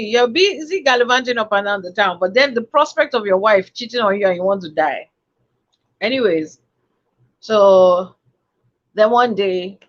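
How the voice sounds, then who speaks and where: Animated woman retelling a film. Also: medium pitch. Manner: animated, lots of quoted dialogue and asides. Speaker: podcast host. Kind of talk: casual storytelling chat. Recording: dull lo-fi sound.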